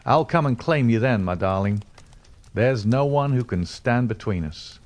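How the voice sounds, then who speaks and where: A man's voice: mid-range voice, animated, a little slow, a little mellow, pitched above the performer's own voice, natural voice. A man voicing an ardent, resolute young pioneer who talks in an earnest, tender way.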